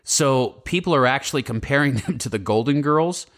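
A man's voice: medium pitch, animated, normal speed, fairly bright tone. A man co-hosting a casual podcast, reading out feel-good news stories in an upbeat way and laughing easily. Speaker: podcast co-host. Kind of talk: casual chat.

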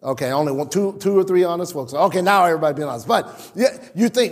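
High-pitched preacher in a reverberant church. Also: male voice, fairly quick, hardly any pauses. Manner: animated preaching with stammered restarts and acted-out quotes. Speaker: pastor. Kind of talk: sermon. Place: church sanctuary.

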